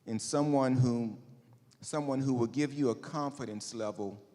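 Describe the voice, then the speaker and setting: A man's voice: mid-range voice, moderate pace, dark tone. A man giving a sincere, preacherly closing statement as a candidate, quoting scripture. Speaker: candidate for parish president. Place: school auditorium. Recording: reverberant auditorium with long echo.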